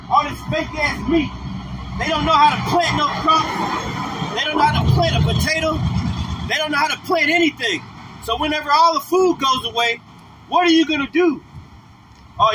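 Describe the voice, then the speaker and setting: Street preacher, male, very high voice, emphatic and slangy; outdoor livestream with loud traffic behind. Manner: emphatic, repetitive, slangy, ends phrases with "man". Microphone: phone or camera livestream mic.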